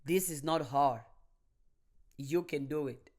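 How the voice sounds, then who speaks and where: A woman's voice: low voice, slow, darkish tone. Emphatic woman giving a motivational talk. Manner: emphatic and repetitive, building phrases in a chain. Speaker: motivational speaker. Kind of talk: motivational monologue.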